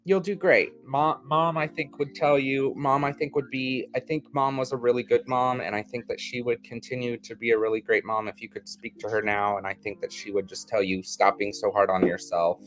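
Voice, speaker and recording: A man's voice: medium pitch, little pitch movement, a little fast, hardly any pauses, fairly bright tone, soft background music. A tipsy man giving a tarot reading in casual podcast chat, meandering and hedging.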